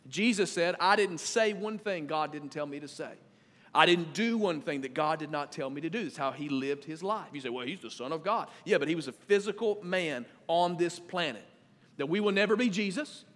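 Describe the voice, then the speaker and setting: A man in his thirties preaching a sermon as pastor, conversational and animated, swinging between loud and quiet. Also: on the high side, moderate pace. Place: church sanctuary. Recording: long reverb of a church hall.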